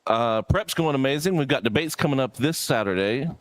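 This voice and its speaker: A man's voice: mid-range voice, animated, brisk. A man playing an election candidate in a role-play interview, brash and playful.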